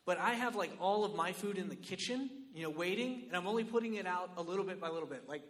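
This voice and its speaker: A man preaching a sermon in an animated, conversational way, often checking in with his listeners. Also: high voice, quick pace, long reverb tail. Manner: animated, conversational, lots of "right?" and "like".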